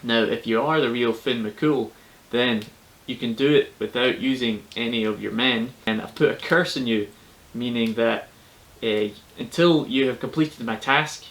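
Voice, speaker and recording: A man's voice: medium pitch, measured pace, fairly bright tone, rough recording. A man doing a stern young hero. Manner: urgent, stern, pronouncing a curse. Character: young muscly male hero making demands.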